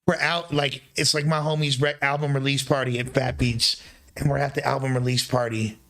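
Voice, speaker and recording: A man's voice: medium pitch, little pitch movement, a little fast, fairly bright tone. Profane rambling young man streamer. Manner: profane, rambling, loose slang. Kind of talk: casual livestream storytelling.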